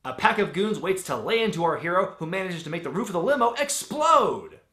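A man's voice: high-pitched, very animated, fairly quick, very noisy. A man hosting a comedic movie review, narrating in a sarcastic, wisecracking way. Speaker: host. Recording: roomy with music bed.

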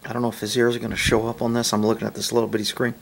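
A man filming his horses outdoors, joking and talking in high baby talk to them. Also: completely flat delivery, very fast, gravelly. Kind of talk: casual vlog commentary. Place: outdoors at a pasture.

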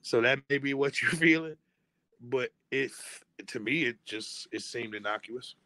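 A man's voice: mid-range voice, a little slow, pushed and bright, no echo. Wry, laid-back podcast co-host man. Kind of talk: casual podcast chat.

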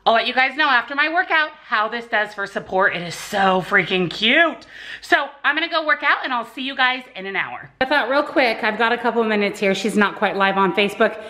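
Out of breath after a workout, a lifestyle vlogger in her thirties films herself in her home garage and kitchen, chatting casually to viewers in an upbeat vlog. Her voice is on the high side, animated, fairly quick, bright, and forceful.

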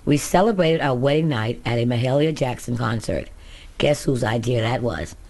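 A woman's voice: extremely low pitch, expressive, moderate pace, a little mellow. Woman reading her own memoir. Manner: candid, first-person storytelling. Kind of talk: audiobook memoir narration.

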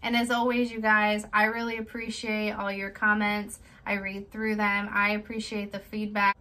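A woman's voice: fairly high pitch, bright, forceful tone, rough recording. A woman, a small business owner, giving direct, chatty tips in a casual how-to vlog. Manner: direct, chatty, plain-spoken.

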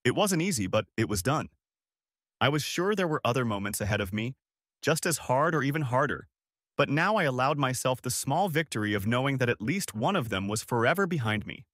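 A man narrating a first-person dramatic audiobook story in a measured, expressive way. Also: medium pitch, dry recording, studio quality.

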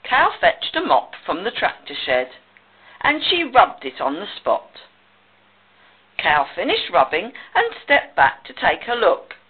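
A woman reading a children's picture book aloud with slow, expressive storytelling, on a tinny, phone-like recording. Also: mid-range voice, breathy edge.

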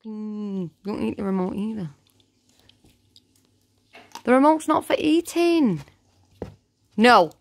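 A woman filming her dog at home on a phone, talking to it and about it in an excitable, chatty way. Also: mid-range voice. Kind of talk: casual home video commentary.

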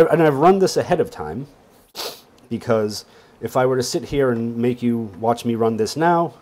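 A man giving a casual, wry screen-share lesson on databases, often checking in with a quick "right?". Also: medium pitch, dark tone. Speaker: database instructor. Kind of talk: screen-share teaching walkthrough.

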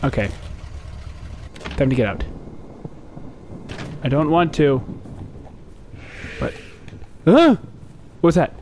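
Brief: young male let's-player, lively pitch, slow drawl, jumpy yelps, noisy game audio under him. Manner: jumpy, talks back at the game, yelps and shouts. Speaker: gameplay commentator. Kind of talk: let's play commentary.

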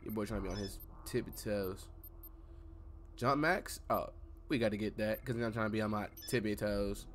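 A young man giving loud, playful gameplay commentary, swearing and shouting at the game. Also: lowish voice, normal speed, a little hiss or hum. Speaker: gamer streamer.

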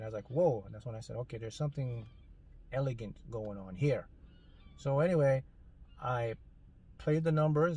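Husky man telling a rambling story. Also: medium pitch, a little mellow. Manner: rambling, retells dialogue with self-corrections. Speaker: manifestation mentor. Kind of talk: casual storytelling monologue.

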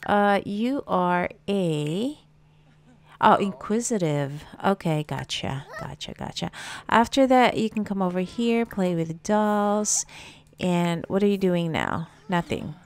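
A woman's voice: on the low side, lively intonation, slow, a little mellow, smooth. A woman giving casual gameplay commentary, chatting to her game characters with plenty of fillers. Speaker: gameplay streamer.

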